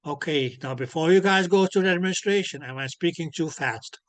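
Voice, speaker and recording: A man teaching ultrasound physics in an online lecture over a computer microphone. He keeps checking whether students follow by asking "clear?", and he fills his sentences with "okay, yes". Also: on the high side, fairly quick, no room sound. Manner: peppers speech with filler "okay, yes". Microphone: computer mic on a video call.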